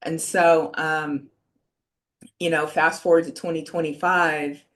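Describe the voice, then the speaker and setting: A woman in her sixties on a video call, telling a personal story in an earnest, halting way, often pausing on "you know.". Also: low voice, level tone. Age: 60s. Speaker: panelist sharing a personal story.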